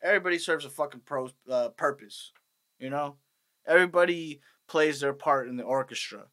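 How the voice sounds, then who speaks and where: A man's voice: fairly high pitch, normal speed, fairly bright tone. A young man ranting with profanity, rambling and sarcastic, in a casual comic monologue. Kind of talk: profane comedic rant.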